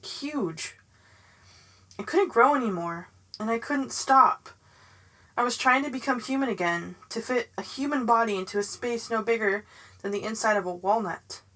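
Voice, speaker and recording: A woman reading a novel aloud in the first person, in a measured, dramatic way. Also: on the high side, fairly bright tone, rough recording. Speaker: audiobook narrator.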